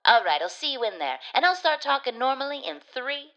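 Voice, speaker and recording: A woman bounces through a goofy podcast intro with a high, sing-song voice that swings widely in pitch. She is theatrical and silly. The audio is dull and lo-fi. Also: very animated, a little fast, pushed and bright. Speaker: podcast host. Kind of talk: recorded intro.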